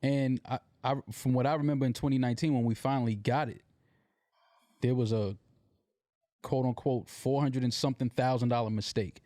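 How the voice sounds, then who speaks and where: A man's voice: mid-range voice, fairly even intonation, brisk, warm tone, no room sound, studio quality. A man co-hosting a podcast, chiming in to agree and then speaking tersely and with exasperation about a money dispute. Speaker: podcast co-host. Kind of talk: candid podcast talk.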